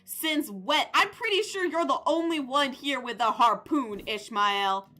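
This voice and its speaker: A young woman streams a game, reading its text aloud in a voice that sits high and moves a little slowly. She reacts excitably and jokingly, sometimes swearing and shouting.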